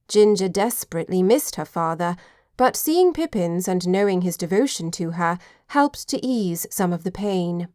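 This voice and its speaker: A woman's voice: medium pitch, no room sound, studio quality. Woman narrating an audiobook. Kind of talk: scripted narration.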